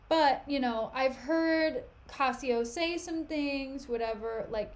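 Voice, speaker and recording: Young woman streamer, chatty recap, says like a lot, giggly, kinda high voice. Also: a little slow, hardly any pauses. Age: young adult. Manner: chatty, lots of "like" and "you know", giggly asides. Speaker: streamer reading a play aloud. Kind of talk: casual reading and commentary.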